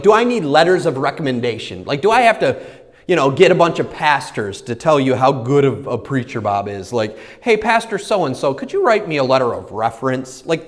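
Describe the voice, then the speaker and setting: A man's voice: fairly high pitch, in a large hall. A man preaching a sermon as a pastor, telling stories with energy and acting out the voices in his own head. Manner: animated storytelling, acts out his own inner voices.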